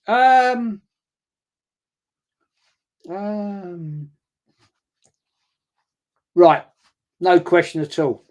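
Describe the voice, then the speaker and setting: A man in his sixties hosts a relaxed live-stream watch-along and rambles as he reads viewers' comments aloud. His voice sits a little high for a man, and he repeats phrases and pauses with ums. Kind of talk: casual live-stream chat.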